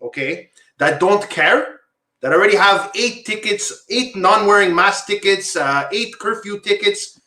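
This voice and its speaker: High-pitched and animated, this Quebec podcast host speaks at a measured pace with a bright, forceful tone. On his casual talk show he rambles, says things twice, and addresses viewers as "guys," recorded in a room with echo.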